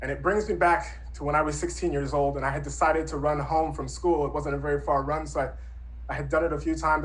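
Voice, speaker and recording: A man in his thirties recounts a true personal story. He speaks earnestly and reflectively, in a conversational manner, with a somewhat high-pitched voice. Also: fairly bright tone, low-quality recording. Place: Brooklyn.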